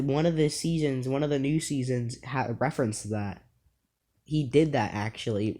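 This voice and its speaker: A man's voice: medium pitch, warm tone. Young male vlogger, casual storyteller, rambling, filler-heavy, amused. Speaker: YouTuber.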